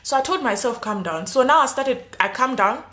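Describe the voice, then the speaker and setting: Woman, young adult, storytime vlog, high-pitched, animated, acts out dialogue. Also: brisk, reverberant. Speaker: YouTuber.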